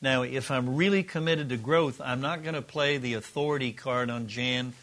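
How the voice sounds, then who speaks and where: A man's voice: mid-range voice, normal speed, a bit bright. A middle-aged man teaching a relationship course to a group in a room, earnest and conversational, sometimes acting out sample dialogue. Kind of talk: teaching a class to a live group.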